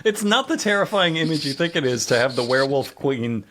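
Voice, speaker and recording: Male co-host, a bit high-pitched, sarcastic narrator of a comedy recap. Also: lively intonation, brisk, a bit bright, a little hiss or hum. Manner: sarcastic, laughing asides. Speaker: podcast co-host.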